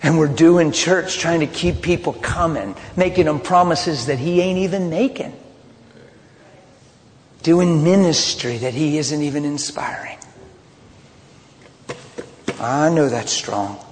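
A man preaching a sermon, mixing loud outbursts with hushed personal confessions as he tells a story. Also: on the high side, slow pace, pauses often, slight background noise. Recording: long hall reverb, faint ambience.

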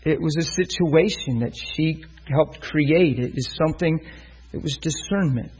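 A man's voice: on the high side, a little slow, a little mellow, breathy edge, low-quality recording. A man preaching a sermon, telling a story and acting out the voices of the people in it. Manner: storytelling, acts out voices in quotes.

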